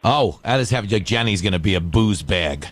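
A man's voice: fairly low pitch, lively intonation, a little fast, a bit bright, no echo. A man hosting a call-in radio talk show, chatty and joking. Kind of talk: casual call-in radio chat.

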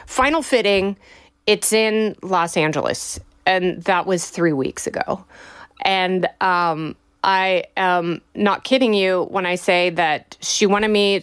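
A woman tells a personal story in a relaxed, conversational way. Her voice sits in a middle register, and she talks animatedly, with frequent ums and likes. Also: medium pitch, clean tone. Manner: animated, chatty, frequent laughs and fillers.

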